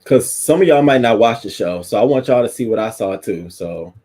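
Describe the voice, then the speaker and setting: A man's voice: on the low side, animated, a little fast, mellow, slightly rough. A man hosting a casual commentary show, chatting in a loose, profane way at his desk mic. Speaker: host.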